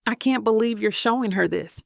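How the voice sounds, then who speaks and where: A woman voicing a playful grown son with a wry, good-humored manner in an audiobook, her voice slightly gravelly. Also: a little high, fairly quick, dry recording, studio quality. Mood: teasing. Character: playful teasing man, family's grown son.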